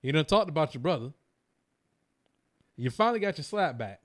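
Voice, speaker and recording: A man's voice: on the high side, animated, moderate pace. A man co-hosting a casual podcast, ranting emphatically and repeating slang for emphasis. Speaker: co-host.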